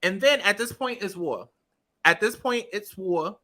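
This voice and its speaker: With slight background noise, a woman speaks a little slowly in a medium-pitched, animated, sharp voice. She's a commentary vlogger giving casual, profane takes on a reality-TV clip as she scrubs through it, talking right to viewers and repeating herself for emphasis.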